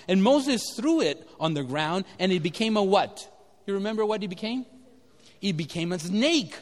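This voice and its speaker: Preacher guy, really lively up and down voice, keeps asking the crowd stuff, echoey church hall. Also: high voice, moderate pace. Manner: animated, asks the audience questions. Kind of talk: sermon.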